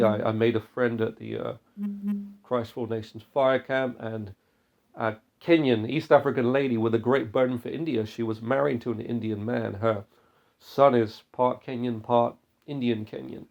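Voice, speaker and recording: A man with a gravelly, creaky voice hosts a Christian missions podcast. He talks in an earnest, exhorting way and often restarts his phrases. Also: mid-range voice, fairly even intonation, moderate pace, a little mellow, muffled recording. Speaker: podcast host.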